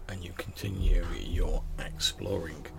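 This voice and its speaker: A man's voice: deep voice, steady tone, a little slow, vocal fry, music in the background. A man narrating as game master of a tabletop game, descriptive and loose, with frequent fillers.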